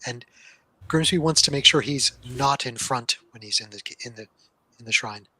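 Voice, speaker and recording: Bright, hesitant player man. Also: medium pitch, moderate pace, husky, rough recording. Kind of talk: casual tabletop game chat.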